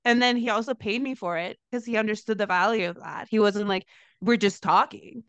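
Chatty young woman, smooth dry sound. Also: brisk, no echo. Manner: animated storyteller, lots of "like", laughs into high pitch. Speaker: podcast co-host, dancer. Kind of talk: casual chat, storytelling.

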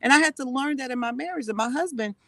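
A woman's voice: high voice, quick pace, a bit bright, no echo. A woman co-pastor tells her faith testimony in an interview, acting out the voices she quotes.

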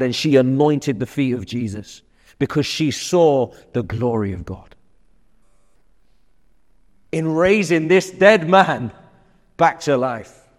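A man preaching a sermon in an earnest way, often restarting and swinging between louder and softer passages. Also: medium pitch, big-room sound. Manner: earnest, with frequent restarts and shifts between loud and quiet. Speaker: pastor.

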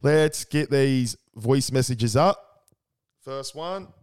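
An Australian man co-hosting a sports podcast, casual chat full of crude, excitable banter. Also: mid-range voice, slow, clean tone. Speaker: podcast co-host.

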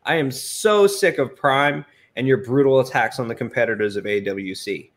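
A man's voice: mid-range voice, moderate pace, close to an everyday voice. A man playing a brash male wrestler who taunts his rivals emphatically. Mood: taunting.

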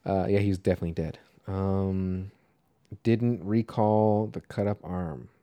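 A man's voice: deep voice, fairly even intonation, a little slow, warm tone. A man co-hosting a casual movie podcast, rambling and swearing freely as he talks. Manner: rambling, swears, trails off and restarts. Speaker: podcast co-host.

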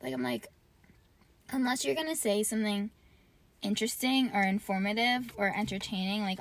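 A young woman hosts her own podcast in a casual solo rant, her fairly high, gravelly voice moving at a moderate pace. She chats loosely, curses freely, and drops "like" into nearly every phrase.

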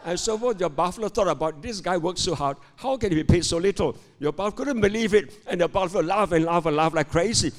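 A man's voice: sits high, fast talker, few pauses, pitched above the performer's own voice, natural voice. An older man voicing a self-mocking village pastor in a joke, in a church hall. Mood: wry. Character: wry, underpaid male village pastor. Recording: long hall reverb.

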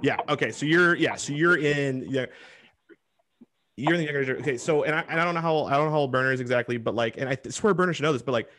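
A man hosting a casual interview, talking in an animated, opinionated way. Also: mid-range voice, racing, dry recording. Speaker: host.

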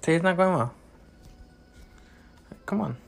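A man's voice: sits high, expressive, measured pace, vocal fry, soft background music. A young man talking over his own online match, ranting and swearing at his teammates in frustration. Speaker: gamer. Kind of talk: live gameplay commentary.

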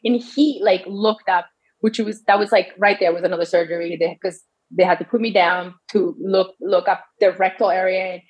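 Her voice sits fairly low and steady, at normal speed, with the top frequencies missing from the audio. A woman in her thirties shares her personal medical story conversationally, often restarting and mimicking what doctors told her.

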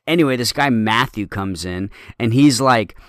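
A man's voice: medium pitch, expressive, moderate pace, fairly bright tone, no room sound, clean studio sound. A man co-hosting a podcast, telling a story in a heated, swearing, casual way. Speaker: podcast co-host.

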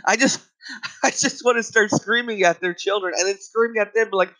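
A man rants in a comedy bit, angry and exasperated, with swearing in almost every sentence. His voice sits high for a man. He sounds fed up and worked up throughout. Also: normal speed, pushed and bright, rough recording. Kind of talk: profane comedic rant.

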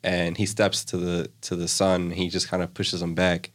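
A man's voice: sits low, monotone, moderate pace. A young man casually retelling a story in a loose, rambling way, full of filler words. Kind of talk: casual chat.

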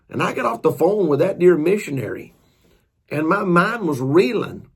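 A man's voice: a little high, gravelly, breathy edge. A man, a preacher and author, telling a story in a folksy, earnest, casual way. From Georgia, US.

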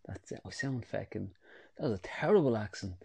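A man's voice: lowish voice, lively intonation, a little fast, creaky, darkish tone, husky, dry recording. A young Irish man hosting a solo podcast, chatting in a rambling, easygoing way and swearing freely. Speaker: podcast host. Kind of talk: casual solo podcast chat.

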